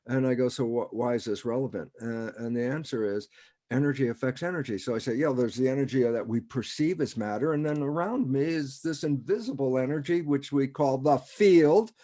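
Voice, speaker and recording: A man of average pitch explains ideas in an easy, conversational way over a video call. He keeps posing rhetorical questions to himself and chuckles often as he talks. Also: brisk, mellow. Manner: rhetorical, keeps asking himself "why is that relevant?". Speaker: guest speaker.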